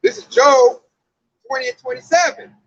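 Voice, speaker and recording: A man preaching in loose, excitable chat, riffing and exclaiming between scripture readings. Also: extremely high pitch, moderate pace, gravelly, highs cut off. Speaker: street preacher.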